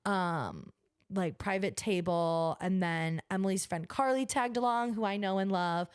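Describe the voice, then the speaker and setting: A woman's voice: mid-range voice, unhurried, smooth, dry recording, studio quality. A young woman co-hosting a podcast, chatting casually in a bubbly, gushing way with lots of "like". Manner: bubbly, gushing, heavy use of "like". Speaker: podcast co-host. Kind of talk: casual chat.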